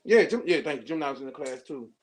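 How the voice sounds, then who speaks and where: Male poet, high voice, animated storyteller, casual. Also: rapid-fire, a crowd in the background. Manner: animated storyteller, acts out quotes. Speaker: poet, workshop student. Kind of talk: casual chat.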